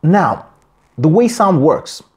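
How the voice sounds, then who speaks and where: Animated male singing coach. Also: a little high, slow. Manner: explains in short phrases, demonstrates by singing. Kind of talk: vocal lesson with sung examples.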